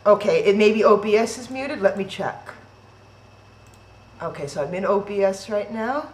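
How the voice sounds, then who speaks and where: A woman's voice: medium pitch, normal speed. A woman hosting a live-streamed online event, chatty and flustered as she talks through technical trouble on a video call. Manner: chatty, flustered, thinks aloud with restarts. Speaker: event host. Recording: roomy echo, faint noise.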